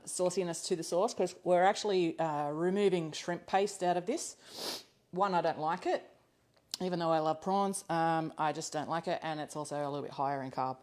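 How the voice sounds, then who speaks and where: Chatty woman hosting a kitchen livestream. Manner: chatty, laughs easily, thinks aloud with ums. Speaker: cooking class host. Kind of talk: live cooking demonstration. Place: home kitchen. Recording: low-quality livestream audio.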